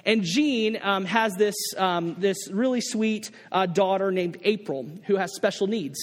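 In a large hall, a pastor with a high-pitched, slightly slow voice preaches to his congregation. He tells a story full of restarts, animating the characters with quoted voices.

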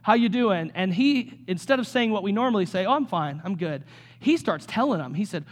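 High-voiced conversational male pastor. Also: expressive, normal speed. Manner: conversational, with frequent restarts and asides. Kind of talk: sermon.

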